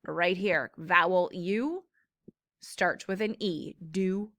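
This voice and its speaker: A woman's voice: on the low side, a bit bright, no echo. A woman teacher patiently explaining syllable patterns in a classroom phonics lesson. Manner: slow, patient explaining with drawn-out words.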